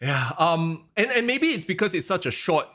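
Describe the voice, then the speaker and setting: Man, fairly high lively voice, podcast co-host who rants and mimics commentators. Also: moderate pace. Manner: animated, ranting, mimics announcers. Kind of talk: casual wrestling podcast chat.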